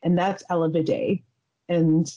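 A woman in her thirties hosting a podcast, chatting in a rambling, giggly, halting way. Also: on the low side, little pitch movement, warm tone, lo-fi sound. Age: 30s. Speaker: podcast host. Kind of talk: casual chat.

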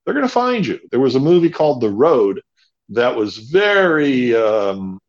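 A man's voice: mid-range voice, very animated, unhurried, lo-fi sound. A man being interviewed as a guest, talking emphatically, hammering points home by repeating words. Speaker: bunker company founder, interview guest. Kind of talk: conversational interview.

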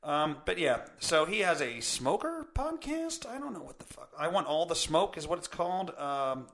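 Very animated, with a fairly bright, highish voice at normal speed, a man hosts his own podcast. His casual rant is blunt, full of profanity, and pokes fun at himself, captured at home on a studio mic with a pop filter through a mixer.

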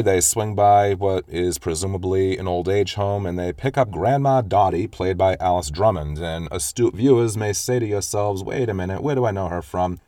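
A man's voice: sits low, darkish tone, dry recording, clean studio sound. A man retelling a film scene by scene in casual commentary, quoting the characters' lines with small shifts of voice. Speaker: film reviewer.

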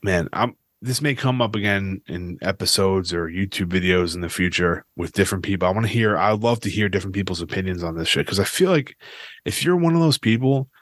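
Male podcast host, low voice, dry close sound, swears freely while ranting. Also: expressive, a little fast, a bit bright, no echo. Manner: profane, ranting, restless. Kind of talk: casual podcast rant.

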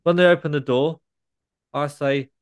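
A man's voice: fairly high pitch, fairly even intonation, moderate pace, clear, resonant tone, no room sound, close to an everyday voice. A man voicing a cheesy male car salesman, telling corny dad jokes in punchline rhythm. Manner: corny punchline delivery, stammering gag voice.

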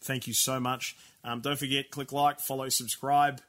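Aussie bloke co-hosting a gaming podcast, easily hyped, medium pitch. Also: male voice, normal speed. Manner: excitable, laughs often, pitch jumps when hyped. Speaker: podcast co-host. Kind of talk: casual chat.

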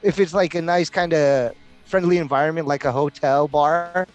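A man's voice: a little high, steady tone, normal speed, highs cut off, soft background music. A middle-aged man hosting a podcast, telling a story in a loose, rambling way, full of "like" and "you know". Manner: laid-back, rambling, heavy use of "like" and "you know". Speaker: podcast host. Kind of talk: casual storytelling chat.

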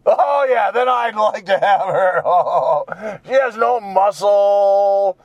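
A man's voice: high-pitched, expressive, takes it slowly, dry recording, muffled recording. A man putting on the voice of a lecherous older stand-up comic, with a leering, mock-bragging delivery.

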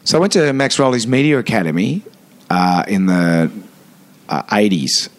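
A man in his fifties with an Australian accent, a radio host chatting as a guest in a podcast studio, telling animated stories with many restarts. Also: on the low side, normal speed. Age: 50s. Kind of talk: casual interview chat.

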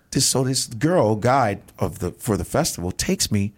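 A man's voice: on the low side, very animated, measured pace. A man from Nigeria, a comedian guest, telling casual stories on a talk show, acting out other people's voices and swearing freely. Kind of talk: casual podcast storytelling.

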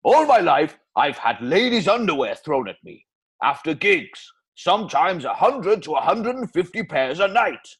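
A man doing a booming Welsh crooner spoof. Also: sing-song, moderate pace, a bit bright, breathy edge, heavily acted. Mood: hammy. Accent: Welsh, put on. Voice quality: exaggerated, booming showman delivery. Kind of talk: comedy spoof advert.

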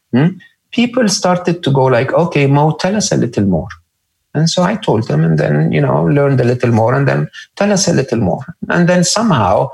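A man's voice: mid-range voice, creaky. A middle-aged man as a podcast guest, speaking reflectively, often repeating words and checking in with "right?". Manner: thoughtful, repeats words, frequent "right?" and "hmm?". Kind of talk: reflective interview talk.

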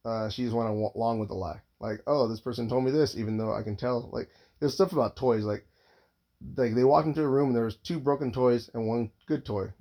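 A man's voice: mid-range voice, mellow. A man in his thirties, a father, telling a long casual story, rambling and swearing constantly with lots of filler words.

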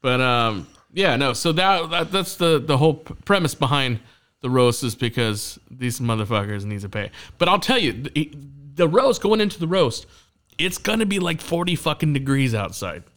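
A man's voice: medium pitch, lively intonation, moderate pace, a bit bright. A young man hosting a casual podcast chat, telling stories in a rambling, profane way, with many restarts. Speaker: podcast host.

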